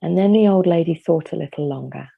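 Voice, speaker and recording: A woman telling a folk tale at an online concert over a video call, gentle, measured and vivid. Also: fairly low pitch, creaky, breathy edge, narrow, tinny audio. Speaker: folk storyteller.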